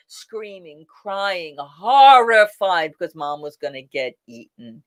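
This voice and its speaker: A woman hosting a casual live chat, telling stories in an animated way and acting out quotes. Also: medium pitch, unhurried, few pauses. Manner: animated, laughing storyteller who acts out quotes. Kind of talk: casual live-stream storytelling.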